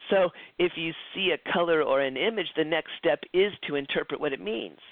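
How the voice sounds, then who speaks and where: A man's voice: a little high, measured pace, dry recording. Chatty man teaching over a tinny line. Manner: chatty, acts out quoted dialogue, frequent restarts. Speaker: psychic development instructor. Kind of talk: recorded class lecture. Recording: tinny phone-like lo-fi, dry.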